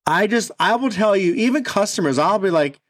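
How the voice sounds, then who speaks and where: Blunt, animated man. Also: high voice, a little fast, no room sound, clean studio sound. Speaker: podcast co-host. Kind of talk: casual podcast chat.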